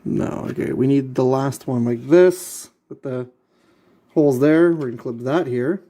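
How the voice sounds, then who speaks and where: A man's voice: mid-range voice, unhurried, mellow. A man vlogging while he assembles a model kit, talking to himself and his viewers in an exasperated, muttering way and repeating himself often. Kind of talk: casual talk while assembling.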